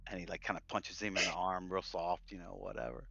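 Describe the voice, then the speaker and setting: A man's voice: low-pitched, little pitch movement, fast, creaky, bright, forceful tone, muffled recording. Laid-back male game master. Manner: laid-back, rambling, lots of fillers. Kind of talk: casual tabletop game narration.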